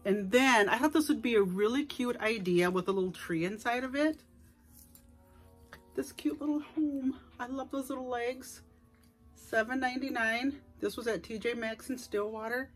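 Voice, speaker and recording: A husky, slightly breathy middle-aged woman chats at home about her shopping finds. She speaks straight to her viewers, chatty and enthusiastic, at a middling pitch. Soft music plays faintly underneath. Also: normal speed. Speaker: vlogger showing a shopping haul. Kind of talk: casual haul vlog chat. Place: at home indoors.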